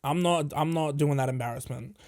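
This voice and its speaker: A male podcast host telling a casual, animated story full of swearing, acting out what other people said. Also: fairly high pitch, brisk, no room sound, studio quality. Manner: animated, profane, acts out quoted people.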